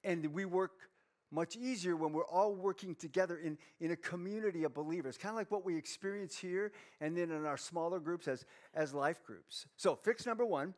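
A pastor with a noticeably high voice gives a lighthearted sermon. He teases himself, reads Bible verses aloud, and moves easily between jokes and earnest teaching. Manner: playful, self-mocking, reads scripture aloud. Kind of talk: humorous sermon.

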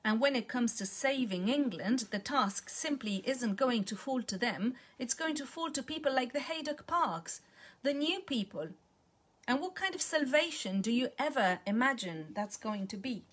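A woman's voice: a little high, expressive, moderate pace, slightly rough, pitched above the performer's own voice. A woman reading the part of Millicent, a bitter, scornful elderly woman who lectures her friend.

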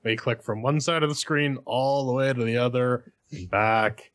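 A man's voice: mid-range voice, fairly even intonation, moderate pace. A man co-hosting a gaming podcast in casual chat. He is wry and joking, and reads listener mail aloud. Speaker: podcast co-host.

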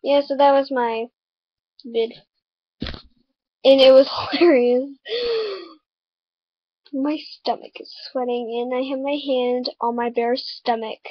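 A woman's voice: high-pitched, little pitch movement, slow, pauses often, dry recording, highs cut off. A woman commenting casually on her own video at home, giggling and laughing often as she talks. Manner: giggly, breaks into frequent laughter. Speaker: vlogger. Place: at home on a laptop. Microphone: laptop mic.

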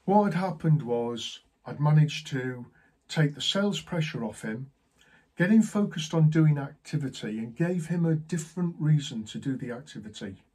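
A man's voice: fairly high pitch, lively intonation, moderate pace, mellow, slightly rough. A man working as a sales trainer, telling a story to camera and acting out both sides of the dialogue.

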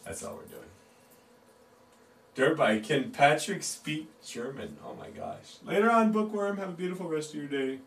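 A man's voice: fairly high pitch, very animated, moderate pace, few pauses, far from the mic. A man hosting a live stream, laid-back and chatty, reading out and answering chat while he draws. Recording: roomy, off-mic, faint guitar music.

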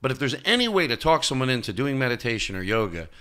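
A male comedian talking as a podcast guest, telling stories in an animated way and jumping into high, loud voices when he quotes people. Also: fast talker, clean tone. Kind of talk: casual interview chat.

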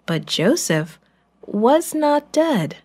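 Slow steady woman narrator for a children's bible lesson. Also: a little high. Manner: slow, clear storytelling.

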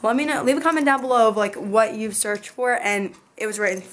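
Hoarse-voiced young mom vlogger, chatty, rambling, high-pitched, handheld camera at home. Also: female voice, brisk, slight background noise. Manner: chatty and rambling, with many asides. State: hoarse, losing her voice. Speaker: family vlogger, mother of a baby. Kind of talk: casual vlog chat to camera.

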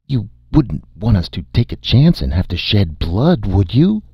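A man's voice: on the low side, big pitch swings, a little slow, breathy edge, no room sound, pitched above the performer's own voice, heavily acted. A man voicing a nervous, cautious young male companion who speaks in an alarmed, hesitant way, in a slightly muffled recording.

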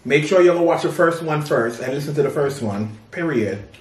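A man's voice: a little high, lively intonation, normal speed. A man co-hosting a casual chat over a meal, gossipy and chatty, often calling listeners "girl". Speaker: co-host. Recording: echoey room, distant mic, faint noise.

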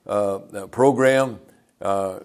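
A man's voice: on the low side, slow, a little mellow. An older man, a pastor, telling rambling folksy stories in a sermon and chuckling as he goes. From United States.

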